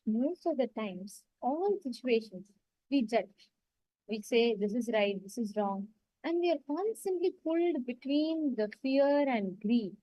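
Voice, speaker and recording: Give me a high-voiced woman telling a teaching story. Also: lively intonation, a little slow, dark tone, no room sound, muffled recording. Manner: storytelling, earnest and explanatory. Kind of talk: teaching talk with a parable.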